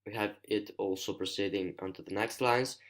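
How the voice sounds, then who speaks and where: A male student with an Italian accent, a native Italian speaker, explaining a poem in a screencast lesson, careful and hesitant, pausing to find his words. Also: fairly low pitch, fairly even intonation. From Italy.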